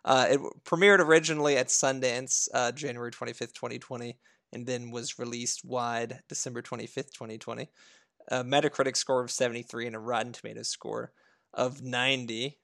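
A man co-hosting a casual film review podcast, laughing often and pausing to recall details. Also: medium pitch, fairly even intonation, gravelly, fairly bright tone, dry recording, clean studio sound. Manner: laughs often, fillers and restarts while recalling. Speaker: podcast co-host.

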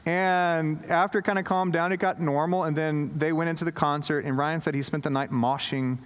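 A man's voice: fairly high pitch, steady tone, a little fast, clean tone. A man preaching a sermon, telling a story with lots of fillers and restarts and acting out the quoted voices. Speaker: pastor. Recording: long hall reverb.

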